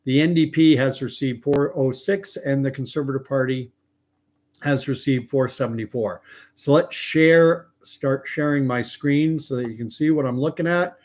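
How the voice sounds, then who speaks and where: A man's voice: mid-range voice, normal speed. Chatty man hosting a live stream. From Canada. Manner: chatty, reads viewer comments aloud, thinks out loud. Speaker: livestream host. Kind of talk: casual live-stream commentary.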